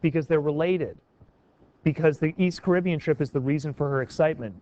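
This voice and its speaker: A man's voice: a little high, a little fast, a little mellow. Man teaching a classroom, dull recording. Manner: encouraging, questioning students by name.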